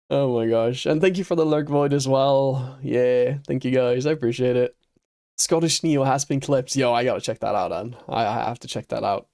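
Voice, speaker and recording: A man's voice: mid-range voice, moderate pace, darkish tone. Norwegian male streamer, native Norwegian speaker, laid-back chat with frequent chuckles. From Norway. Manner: easygoing, chuckles often. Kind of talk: casual livestream chat with viewers.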